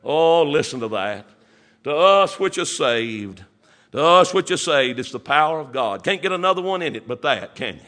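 A preacher man delivers his sermon in a high, bright, forceful voice. He drags his phrases with frequent "uh" pauses, then pushes up into emphatic bursts. His delivery is earnest and old-fashioned. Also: lively intonation. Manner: preaching with rising, emphatic bursts and many "uh" fillers.

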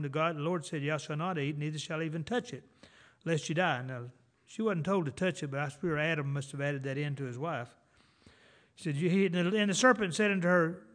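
Middle-aged male preacher, slightly high voice, folksy storytelling sermon, slow emphatic scripture reading. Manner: folksy, conversational preaching with personal anecdotes; reads scripture slowly and emphatically.

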